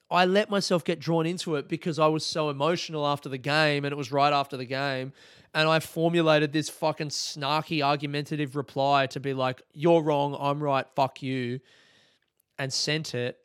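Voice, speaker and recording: An Australian man in his thirties, a comedian hosting his podcast, telling a sweary, self-mocking story in a casual, animated monologue. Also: a little high, clean tone, no echo, studio quality.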